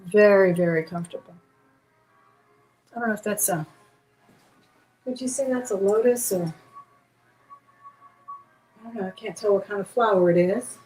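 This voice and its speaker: A woman runs a live jewelry auction and talks warmly and casually while she turns each piece over in her hands. Her voice rings a little in an echoey indoor room. Faint music plays underneath. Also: medium pitch, normal speed, pauses often. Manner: chatty, describes pieces while handling them. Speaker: auction host. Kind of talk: live-stream jewelry sale. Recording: roomy echo, faint music behind.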